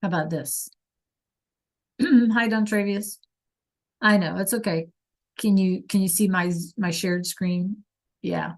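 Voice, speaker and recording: A woman leads an online language lesson over a video call. She takes her time, and her voice sits at an ordinary middle pitch. She is encouraging and praises her students one by one. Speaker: Spanish teacher. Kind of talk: online class teaching.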